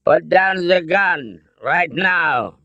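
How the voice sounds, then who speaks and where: A man's voice: a little high, lively intonation, drawn-out words, creaky, bright, forceful tone, dry recording, lo-fi sound, pitched above the performer's own voice, full character voice. A man voicing a big, brutish Nazi colonel with a thick German accent, barking orders in an audiobook. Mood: menacing. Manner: barking orders through clenched teeth. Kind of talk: audiobook character voice.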